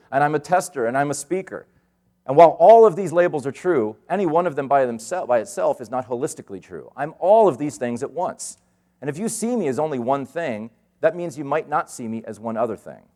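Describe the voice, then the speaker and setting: Animated man giving a keynote. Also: a little high. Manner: animated, acts out quoted voices. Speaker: keynote speaker. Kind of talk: conference keynote storytelling. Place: conference hall stage.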